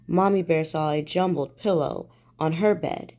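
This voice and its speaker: A woman reads a bedtime story in a gentle, soothing way. Her voice is mellow and warm, set a little low. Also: measured pace.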